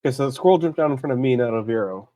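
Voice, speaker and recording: A man's voice: mid-range voice, animated, very fast, dark tone, no room sound, highs cut off. A man playing a tabletop game, chatting with laughs and swearing. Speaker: player.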